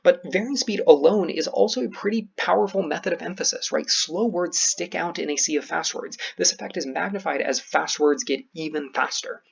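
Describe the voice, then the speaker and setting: A young man coaching debate in a fast instructional lecture, slowing down on key words to stress them. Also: a little high, gravelly, husky, lo-fi sound.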